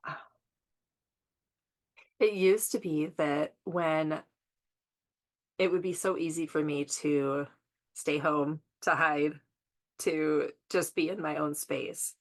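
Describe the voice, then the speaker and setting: A woman in a casual spiritual conversation, speaking in a calm, measured way. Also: low voice.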